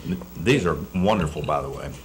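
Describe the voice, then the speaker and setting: Deep-voiced easygoing man chatting. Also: animated, a little fast, noisy background. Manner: easygoing, rambling, with repeated words and fillers. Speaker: dinner guest, state delegate. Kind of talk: casual chat over dinner.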